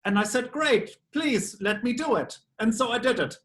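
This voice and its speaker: A man's voice: very high-pitched, lively intonation, moderate pace, a bit bright. A man with a German accent, a voice actor answering press questions in a playful, quirky way. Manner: playful, quirky offbeat phrasing. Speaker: voice actor guest. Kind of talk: press junket interview.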